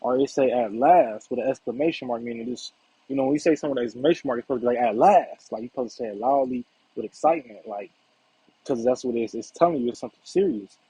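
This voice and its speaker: A man's voice: mid-range voice, racing, warm tone, slightly rough, no room sound. A man giving a casual Bible lesson in a conversational way, often checking in with "right?" and "all right". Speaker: Bible teacher. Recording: dull lo-fi recording.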